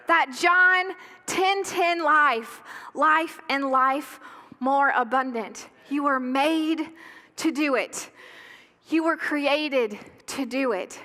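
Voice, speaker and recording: A woman pastor delivering a sermon with impassioned, emphatic preaching and dramatic pauses, in a church sanctuary. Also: high-pitched, bright, forceful tone.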